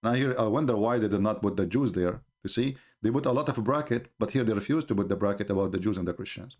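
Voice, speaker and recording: A man giving live-streamed commentary in an emphatic, scornful, mocking manner, often halting with fillers and restarts. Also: lowish voice, a little mellow.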